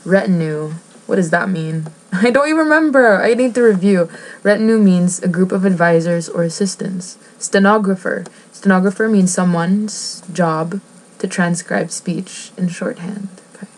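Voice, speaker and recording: A woman vlogger with a lowish voice chats casually at normal speed while reading a book aloud. She rambles, giggles, and cuts herself off, and the recording quality is low.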